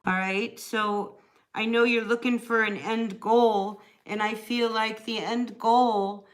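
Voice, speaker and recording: A woman's voice: a little high, level tone, takes it slowly. A woman chatting casually during a live tarot reading, answering viewers by name and laughing often. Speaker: tarot reader.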